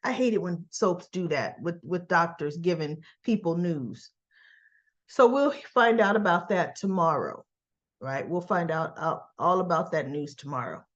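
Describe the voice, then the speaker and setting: A woman's voice: lowish voice, expressive, a little slow, lo-fi sound. A woman reviewing a soap opera in a casual, chatty recap, talking animatedly and acting out the characters' lines.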